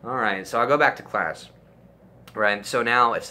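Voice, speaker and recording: A man telling a personal story in a crude, animated way, swearing freely. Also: medium pitch, moderate pace, slight background noise. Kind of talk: profane comic storytelling.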